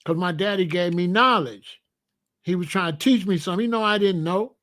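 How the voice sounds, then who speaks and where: A man's voice: high voice, fairly quick, fairly bright tone. A man hosting his own channel, giving emphatic, repetitive advice about family and discipline in a casual monologue. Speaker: host.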